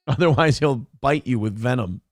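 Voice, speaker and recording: A man's voice: mid-range voice, normal speed, no echo, clean studio sound, soft background music. A man hosting a morning show, commenting sarcastically on a viral video and laughing at it.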